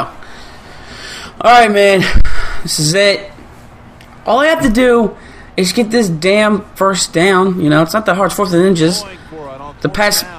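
A man doing live commentary over his own football video game match, excitable, swearing and groaning at the plays. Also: high voice. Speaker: gaming YouTuber.

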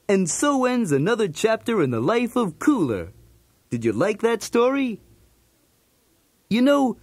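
High, bouncy, streetwise cartoon dog narrating a toy story tape; dry close sound. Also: male voice, a little mellow, dry recording. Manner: jokey, streetwise, punning. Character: cool wisecracking male cartoon dog.

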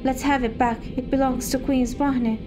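A woman reading a game's lines for a cold, threatening female bounty hunter, in a plain, slow reading voice. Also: sits high, fairly even intonation, natural voice. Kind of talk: game dialogue read aloud. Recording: game music playing behind.

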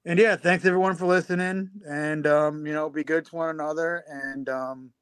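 A man's voice: a little high, steady tone, moderate pace, fairly bright tone, smooth, no room sound, studio quality. A man co-hosting a podcast, rambling with fillers and teasing his co-host in a mock-prudish way. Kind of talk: casual podcast chat.

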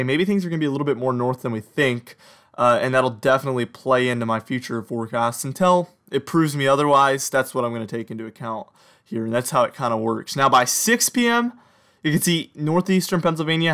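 Young man, slight Southern American accent, weather forecaster, upbeat, chatty, middle-pitched voice. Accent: slight Southern or Mid-Atlantic American. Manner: upbeat, chatty, talks straight to viewers with lively pitch jumps. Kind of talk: scripted-free weather forecast over radar maps.

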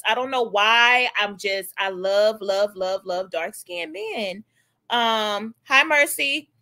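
A woman's voice: on the high side, sharp tone. A young woman hosting a casual gossip livestream, chatting animatedly and greeting viewers in the chat. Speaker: livestream host.

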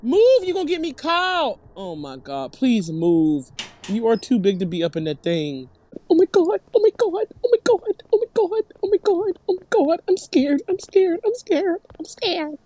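Shrieking high-voiced woman gamer. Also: moderate pace. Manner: excitable, shrieks and laughs often. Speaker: gaming streamer. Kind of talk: reacting to a horror game.

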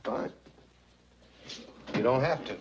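An actor playing a patient, dry-humored father in a classic sitcom, speaking calmly and firmly to his young son. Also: mid-range voice, background noise, close to an everyday voice. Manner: calm, unhurried, gently firm. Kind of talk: old sitcom acting.

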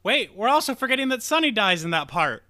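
Animated, bright-voiced man recapping a movie. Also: sits high, quick pace, no echo, clean studio sound. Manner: rambling, profane, laughs at himself, acts out quotes. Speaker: podcast host. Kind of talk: casual movie recap chat.

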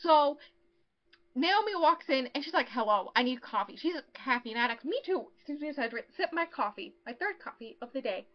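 Speaking at a moderate pace with lively intonation, this high-voiced woman recaps a novel's plot as a podcast co-host. The sound is lo-fi, and her casual delivery is full of fillers and ums, with characters' lines acted out.

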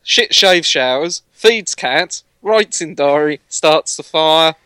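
A man co-hosting a podcast, blunt and deadpan, swearing casually as he chats. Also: a little high, takes it slowly, clean tone, dry recording. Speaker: podcast co-host. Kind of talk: casual chat.

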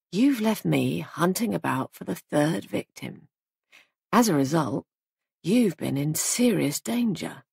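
A woman's voice: low-pitched, gravelly, slightly rough, no echo, clean studio sound, heavily acted. A woman reading the lines of a young man posing as a police sergeant, smug and coolly menacing.

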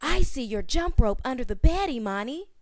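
Brief: woman reading an eager boy twin in a storybook, quick and high. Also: very animated, a little mellow, no room sound, clean studio sound.

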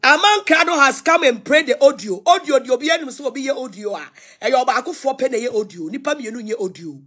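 A woman's voice: high-pitched, animated, fast talker, a bit bright, breathy edge. A middle-aged Ghanaian woman ranting on social media, defiant and scolding, repeating herself as she mixes languages. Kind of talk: ranting live video.

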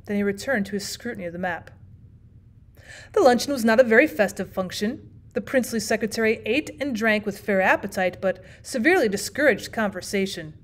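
A woman teacher narrating a classic short story aloud, steady and expressive, often starting lines with "well". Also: medium pitch, a little fast. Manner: steady, expressive reading with frequent "well" fillers. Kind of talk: audiobook narration.

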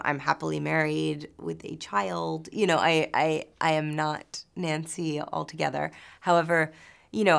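A woman's voice: sits low, creaky, fairly bright tone, clean tone. A woman from New York in her thirties, an actress answering interview questions in a chatty way, full of fillers and restarts.

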